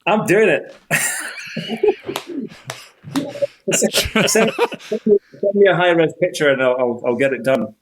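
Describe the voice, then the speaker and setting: A man's voice: high-pitched, animated, slow pace, long pauses, slight background noise. A man appearing as a guest on a film podcast, joking playfully in casual chat.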